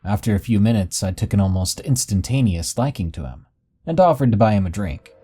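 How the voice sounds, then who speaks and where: Male horror storyteller, dark mellow tone, steady dramatic delivery. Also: fairly low pitch, a little fast, breathy edge. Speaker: narrator. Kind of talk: scripted horror story narration.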